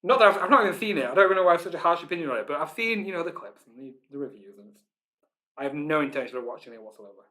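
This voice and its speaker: A man with a Northern English accent hosting a live online pub quiz, chatting informally with lots of ums and reading each question out slowly, then repeating it. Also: fairly high pitch, expressive, sharp tone. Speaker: quiz host.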